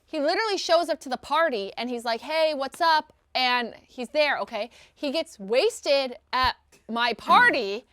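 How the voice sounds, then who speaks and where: A woman telling lively stories in casual podcast chat, acting out the people she quotes. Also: high-pitched, moderate pace, no room sound, studio quality. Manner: animated storytelling, quotes people in voices. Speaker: guest.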